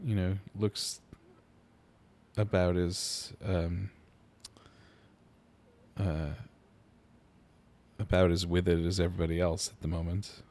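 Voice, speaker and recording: A man's voice: low voice, flat delivery, takes it slowly, pauses often, a little mellow. A man running a tabletop game as game master, talking hesitantly with many fillers. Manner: hesitant, laughs often.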